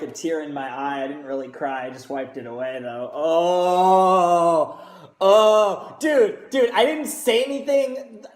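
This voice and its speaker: Excitable, swearing man reacting. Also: sits high. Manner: excitable, gushing, heavy swearing. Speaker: reaction video host. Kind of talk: casual reaction commentary. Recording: roomy echo.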